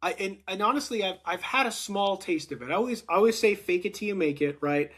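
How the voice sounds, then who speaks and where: A man with a notably high speaking voice, chatting casually and spinning an animated story. He slips into quoted voices and panicked asides as he goes. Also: fast talker. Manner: animated, acts out quotes with rising excitement. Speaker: podcast host.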